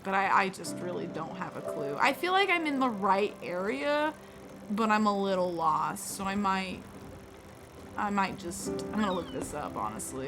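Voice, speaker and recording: A woman streamer talks casually through a live game session at a middle pitch, rambling and joking at her own expense. Clear game music plays steadily behind her voice. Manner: chatty, playful, rambling, self-deprecating. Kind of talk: casual live gameplay commentary.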